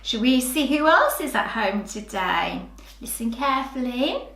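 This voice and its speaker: A woman teacher giving a preschool phonics lesson, talking slowly to small children in a sing-song, animated way. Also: a little high, heavy background noise. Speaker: early years teacher. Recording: roomy echoey room.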